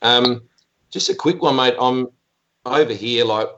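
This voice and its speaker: A man's voice: medium pitch, a little slow, a bit bright. An Australian man calling in to a radio show, easygoing and chatty. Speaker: caller. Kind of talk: casual phone-in chat. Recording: dull lo-fi call audio.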